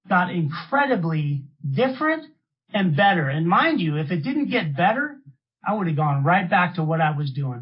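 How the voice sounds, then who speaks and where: A man's voice: high voice, breathy edge. A middle-aged man from San Francisco giving an AA share in a street-casual, rambling way, often calling the listeners man. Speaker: AA speaker. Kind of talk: recovery share talk. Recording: muffled lo-fi talk recording.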